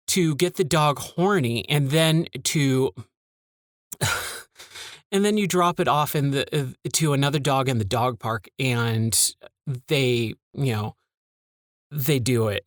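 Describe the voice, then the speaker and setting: A man's voice: a little high, a bit bright, dry recording, clean studio sound. A man hosting his own podcast, talking casually in a candid, rambling and exasperated way about old video games. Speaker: podcast host. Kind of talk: casual monologue.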